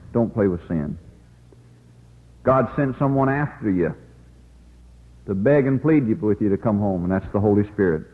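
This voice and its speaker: Man, evangelist preacher, folksy pleading sermon, lowish voice, tinny radio sound with long hall echo. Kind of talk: revival sermon.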